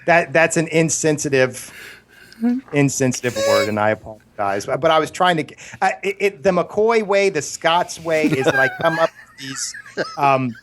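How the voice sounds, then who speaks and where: A man's voice: fairly high pitch, moderate pace, fairly bright tone, slight background noise. Earnest man arguing in a casual podcast. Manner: earnest, stumbling restarts, absurd analogies. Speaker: podcast co-host. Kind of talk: casual argumentative discussion.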